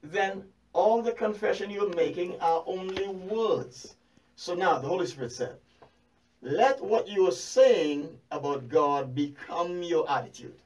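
Man, preacher, high voice, animated sermon, rhetorical questions, repeats phrases, distant mic. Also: measured pace.

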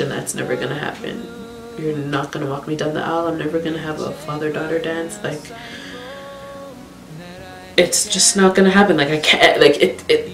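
A woman vlogger telling a painful personal story in a halting, tearful way, holding back tears. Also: low-pitched. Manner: halting, tearful, many fillers and restarts. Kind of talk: emotional storytime monologue. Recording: roomy echo with faint background music.

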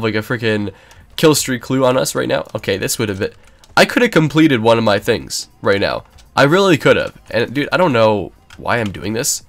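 A young man giving casual, rambling gameplay commentary, excitable and prone to sudden yelps. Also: medium pitch. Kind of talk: casual let's-play commentary.

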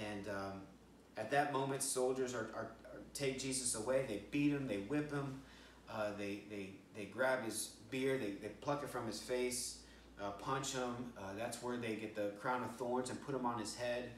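Halting American pastor in a roomy church. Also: male voice, mid-range voice, a little hiss or hum. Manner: halting, repeats words, acts out quoted voices. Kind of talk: storytelling sermon. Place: church sanctuary. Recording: roomy church audio, speaker distant from mic.

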